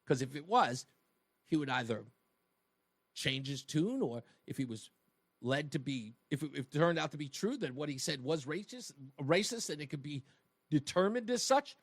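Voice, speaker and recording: A male talk radio host speaks into a studio microphone in a high voice that swings widely in pitch. He drives his points home emphatically and keeps firing rhetorical questions at his audience. The sound is close and dry. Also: sing-song, normal speed, no room sound. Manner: emphatic, rhetorical, addresses listeners directly.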